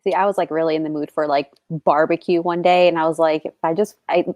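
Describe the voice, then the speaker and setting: A woman who is a guest on a livestream, telling relaxed everyday stories with a light laugh. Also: low-pitched, fast talker, dry recording, clean studio sound. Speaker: guest on a stream. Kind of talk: casual chat.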